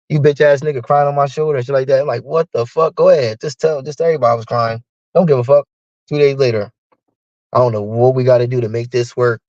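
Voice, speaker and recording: A live streamer with a mid-range voice delivers a profane, heated rant, animatedly acting out both sides of an argument with his partner. The audio has no room sound and the highs are cut off.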